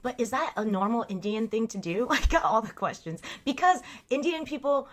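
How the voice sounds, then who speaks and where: A woman's voice: medium pitch, fairly quick. A woman in her thirties hosting a casual livestream, reading chat aloud and talking frankly with frequent laughter. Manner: frank, chatty, laughs often. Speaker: livestream host.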